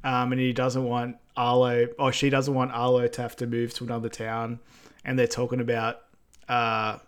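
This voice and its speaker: A man with a mid-range voice talks through a film recap in a relaxed, chatty way. He often pauses on "um" and nods along with "mm-hmm" while his co-host talks. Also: mid-range voice, clean tone. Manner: relaxed, many ums and backchannel mm-hmms. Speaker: podcast co-host. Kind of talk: casual film recap chat.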